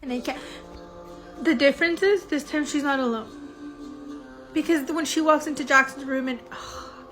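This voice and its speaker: High-voiced woman reacting to a show. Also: moderate pace, a bit bright, faint music behind. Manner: chatty, emotional, swears often, laughs a lot. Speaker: reaction video host. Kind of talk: casual reaction commentary.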